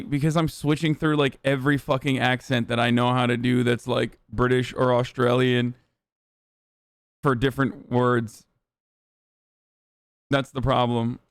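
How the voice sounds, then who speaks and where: A man's voice: mid-range voice, flat delivery, normal speed, clean tone, no echo, clean studio sound. A male streamer giving casual, sarcastic and profane commentary on the news.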